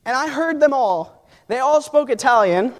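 A man with a notably high voice delivers a sermon from the pulpit. He tells a personal story in a loose, conversational way, full of restarts and fillers. He then lifts into loud, fervent calls to his congregation. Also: expressive, normal speed. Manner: builds to loud, impassioned exhortation. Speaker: preacher.

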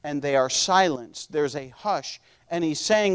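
A man preaching a sermon, earnest and pleading, who repeats words as he builds a point and drops to a near-whisper on quiet lines. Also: a little high, unhurried, hardly any pauses, clean tone. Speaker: pastor.

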